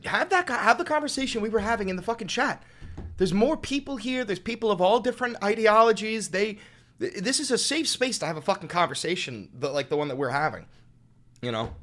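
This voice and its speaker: A man's voice: on the high side, a bit bright. A young man hosting a livestream, ranting with heated, profane political commentary. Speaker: livestream host. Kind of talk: live-streamed political commentary.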